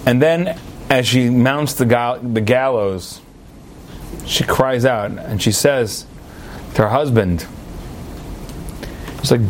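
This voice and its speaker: A man preaching as a rabbi, telling a parable with jokey asides and sudden high emphatic swings. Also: takes it slowly, long pauses, slight background noise. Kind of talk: sermon with a told parable.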